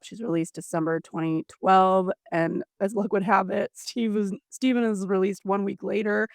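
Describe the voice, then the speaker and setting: A woman's voice: mid-range voice, dry recording, clean studio sound. A woman co-hosting a podcast, chatting and recapping a story with sympathy. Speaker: podcast co-host. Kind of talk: casual chat.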